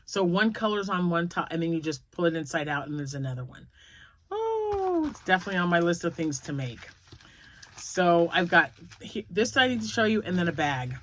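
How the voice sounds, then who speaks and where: A woman's voice: fairly low pitch, big pitch swings, moderate pace. A woman in her fifties, a grandmother, chatting casually to her viewers in a rambling, storytelling way. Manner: rambling, storytelling, laughs often. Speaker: crochet vlogger.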